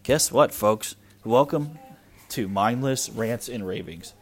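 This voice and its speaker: At a slow pace and medium pitch, a podcast host in his thirties vents bluntly and with frustration on his solo show. Lots of "like" fillers pepper his speech, and his small kids are around as he records at home.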